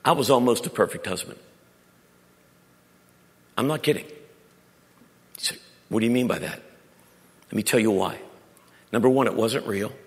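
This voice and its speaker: A middle-aged man, preaching a sermon and telling stories, with loud emphatic moments and quiet, intimate ones. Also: lowish voice, moderate pace, long pauses. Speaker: pastor. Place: church sanctuary. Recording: long reverb of a large hall.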